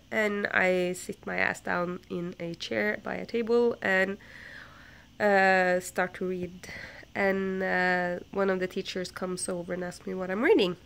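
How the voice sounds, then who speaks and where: A woman's voice: mid-range voice, fairly even intonation, measured pace, gravelly, a bit bright. A young woman with a stuffy nose from a flu, telling a rambling story in a casual vlog, full of fillers and self-corrections. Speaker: book vlogger.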